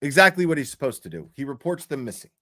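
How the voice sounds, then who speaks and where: A man's voice: medium pitch, big pitch swings, fast talker, pushed and bright. A man telling a story on a livestream in a blunt, profane way, with many fillers and restarts. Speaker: true crime commentary streamer. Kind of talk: casual livestream commentary.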